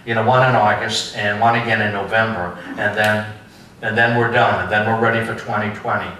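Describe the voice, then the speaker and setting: A man giving a history lecture to an adult class, slow and emphatic, asking rhetorical questions and repeating phrases. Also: lowish voice, fairly even intonation, pushed and bright, slight background noise. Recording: echoey room, mic at a distance.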